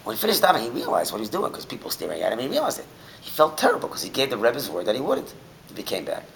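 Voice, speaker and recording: A male rabbi teaching through stories, his pitch rising and falling widely as he goes from loud outbursts to hushed asides. His voice is gravelly and bright. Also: rapid-fire, a little hiss or hum, low-quality recording. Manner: animated, swings from shouting to near whisper. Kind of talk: Torah class with storytelling.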